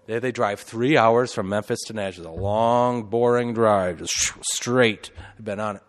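A man's voice: lowish voice, normal speed, big-room sound. A man, a priest, telling a loose, conversational story in a homily, full of fillers and asides.

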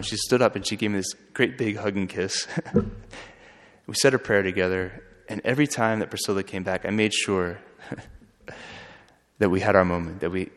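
A man who is a friar, telling a story in an earnest, halting way with frequent restarts. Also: low-pitched. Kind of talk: storytelling talk. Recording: long hall reverb.

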